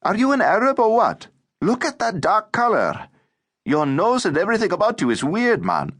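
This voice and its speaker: A cocky, brazen young orphan boy, as a male narrator puts him on, pitched far above the reader's own voice and speaking loudly. He mocks and teases with a bossy swagger. His tone sounds pinched and unlike the reader's usual timbre. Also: wildly swooping pitch, moderate pace, full character voice. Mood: mocking. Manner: cocky, mocking.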